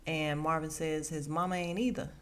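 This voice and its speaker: A woman with a slightly low voice chats through a TV episode recap. She talks casually and conversationally, and she slips into the characters' lines as she retells the scenes. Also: fairly even intonation, moderate pace. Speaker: podcast host reviewing a TV episode.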